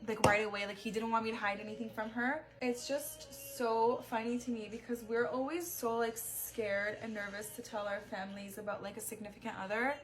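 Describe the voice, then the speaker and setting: A woman's voice: a little high, steady tone, brisk, few pauses, soft background music. A young adult woman telling a story in a chatty, casual way, with plenty of "like" fillers. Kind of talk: casual storytime while getting ready.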